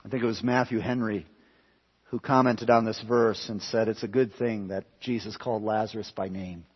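A man preaching a sermon in a dramatic way, dropping to hushed tones and then building to loud, emphatic peaks. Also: lowish voice, fairly even intonation, moderate pace, slightly rough. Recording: long hall reverb, dull lo-fi sound.

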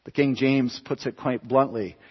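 Husky preacher in an echoing hall. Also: male voice, medium pitch, moderate pace. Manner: dramatic, swinging from hushed to loud and emphatic. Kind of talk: sermon. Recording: long hall reverb, dull lo-fi sound.

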